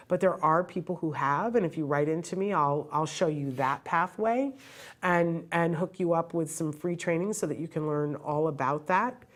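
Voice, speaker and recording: A middle-aged woman host giving earnest, heartfelt advice to parents in a direct, emphatic way. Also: low voice.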